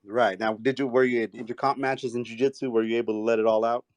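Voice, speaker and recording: Relaxed man chatting, dry sound. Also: medium pitch, fast, no room sound. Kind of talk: casual chat.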